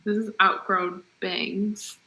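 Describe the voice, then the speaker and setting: A woman's voice: medium pitch, flat delivery, slow pace, pushed and bright, poor audio. A woman co-hosting a pop culture podcast in casual, chatty talk, agreeing and laughing along. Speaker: podcast co-host. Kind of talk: casual chat.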